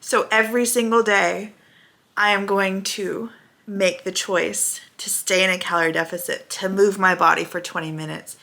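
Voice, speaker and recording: A woman's voice: mid-range voice, steady tone, moderate pace, gravelly, bright, forceful tone. A woman in her thirties talking candidly and emotionally in a casual reaction vlog to her channel's viewers. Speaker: vlogger.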